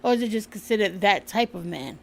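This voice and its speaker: A woman's voice: mid-range voice, animated, fairly quick, creaky. Laughing, loose-talking woman host. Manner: laughs often, loose and profane. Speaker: livestream co-host. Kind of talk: casual live-stream chat.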